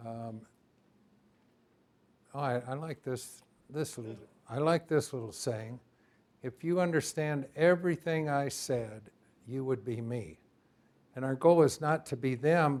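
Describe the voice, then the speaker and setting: A man teaching a class, lecturing in a lively way and asking his students for input. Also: mid-range voice. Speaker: instructor.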